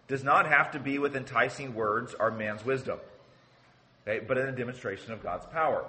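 This man's mid-range voice sounds pushed and bright as he preaches. He teaches earnestly, repeats words while building a point, and keeps using "okay" to check in and signpost.

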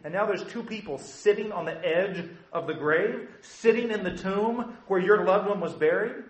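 Male pastor, animated conversational sermon, high voice, echoey room. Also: normal speed. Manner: animated, conversational, acts out quotes.

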